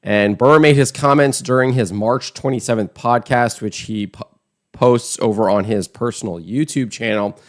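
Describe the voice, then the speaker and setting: A man's voice: medium pitch, normal speed. A man hosting an online political commentary show, talking in a scornful, emphatic, conversational way.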